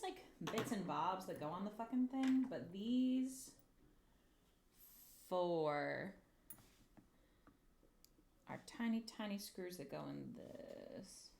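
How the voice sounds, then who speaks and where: Woman, casual livestream chatter, nervous, swears a lot, talks to her tools, very lively pitch. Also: vocal fry, a little hiss or hum. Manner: talks to herself and the objects. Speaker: streamer. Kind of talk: casual livestream chat while crafting.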